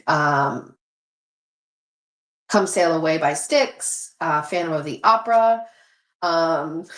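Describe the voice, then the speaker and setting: A middle-aged woman hosting a livestream, chatting candidly, swearing freely and reading viewer comments aloud. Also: lowish voice. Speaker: livestream host. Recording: roomy echo.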